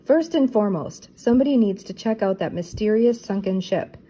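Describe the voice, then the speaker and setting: A woman's voice: medium pitch, expressive, fairly quick, warm tone, breathy edge. Woman reading as an upbeat young gang leader.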